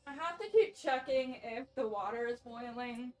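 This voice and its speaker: A woman's voice: a little high, normal speed. A young adult woman streaming a video game, chatting casually, swearing, and laughing at her own mispronunciations.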